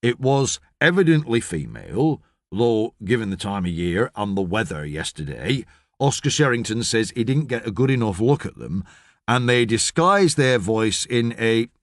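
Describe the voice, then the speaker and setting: An actor reading an audiobook, playing a stolid middle-aged male police constable who speaks in a slow, measured, officious way. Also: lowish voice, very animated, no echo, studio quality. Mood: formal, measured.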